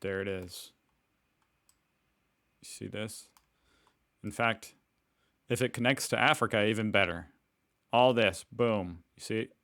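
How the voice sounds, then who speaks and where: Brief: American man reacting on camera, very low voice, dry close sound, loose and self-mocking. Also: a little slow, long pauses, fairly bright tone, dry recording. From United States. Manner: rambling, joking and self-mocking. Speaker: reaction video host. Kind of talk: casual reaction commentary.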